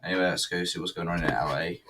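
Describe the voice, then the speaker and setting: A man's voice: low voice, steady tone, fast, distant mic, background noise. A man casually reviewing an old wrestling event, rambling, swearing and joking as he watches. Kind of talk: casual video commentary.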